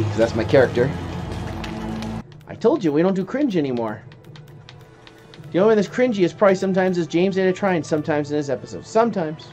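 A man's voice: fairly high pitch, expressive, a little fast, long pauses, darkish tone, faint music behind. A man chatting casually on a livestream, rambling and joking and trying out silly impressions. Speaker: streamer.

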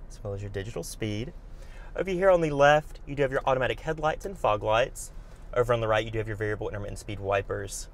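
A man giving a brisk walkaround tour of a car at a dealership, listing its features in short bursts. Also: on the low side, a little hiss or hum.

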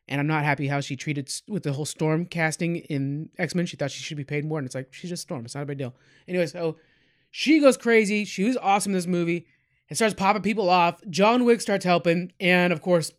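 A podcast host reviews a film in a relaxed, rambling way, chatty with lots of fillers and asides and calling his listeners "guys." His voice is noticeably high for a man, and it feels like easygoing fan talk rather than a scripted read.

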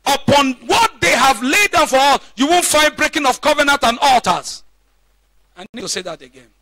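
A man's voice: very high-pitched, animated, moderate pace, pushed and bright, no room sound. A male pastor preaching a sermon, emphatic, repeating points and calling out questions to the congregation. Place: church.

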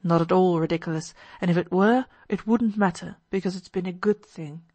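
A gentle, earnest young man, as a woman reader puts him on, in a lowish, steady voice. He speaks with calm, kind sincerity, recorded dry and close for an audiobook. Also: brisk, no echo, lightly acted. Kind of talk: audiobook character voice.

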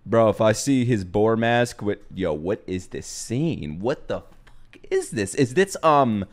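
A young man hosting an anime reaction video, talking casually, swearing freely, breaking into laughs and shouts. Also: lowish voice, expressive, measured pace.

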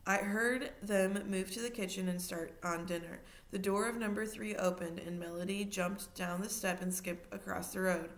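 A woman's voice: mid-range voice, moderate pace, hardly any pauses. Woman reading a children's novel aloud. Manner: steady narration with asides to listeners. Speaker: reader.

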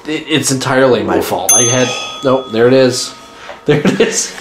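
A man's voice: medium pitch, normal speed. Male comedy co-host, laughing, profane banter; roomy recording with background noise. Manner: laughs a lot, swears, joking asides. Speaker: podcast co-host. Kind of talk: casual chat.

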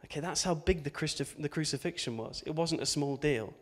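A man preaching in a relaxed, conversational way, breaking in with asides and quick tag questions. His voice sits a little higher than most men's, light and easy as he tells the story. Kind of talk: informal sermon.

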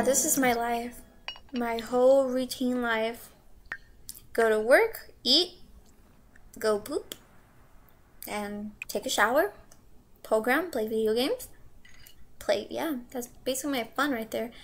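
A woman's voice: on the high side, slow pace, pauses often, slight background noise. A young woman casually commenting on her gameplay, playful and giggly, humming and singing little tunes to herself.

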